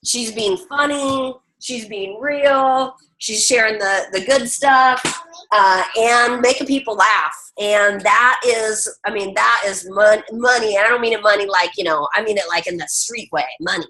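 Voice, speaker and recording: Bright-voiced chatty woman host. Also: mid-range voice, unhurried, slight background noise, low-quality recording. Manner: chatty, encouraging, teasing. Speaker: host of a coaching team call. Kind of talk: casual group call.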